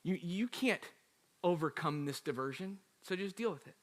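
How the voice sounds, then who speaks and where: A preacher voicing a quiet accusing tempter. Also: male voice, high-pitched, animated, moderate pace. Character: whispering accusing tempter, the enemy.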